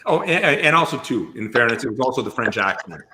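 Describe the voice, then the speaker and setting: This podcast guest, an actor, has a medium-pitched voice with lively intonation and a sharp tone, talking fairly quickly over a slight hiss or hum. In casual interview chat, he tells long, rambling stories and keeps restarting them.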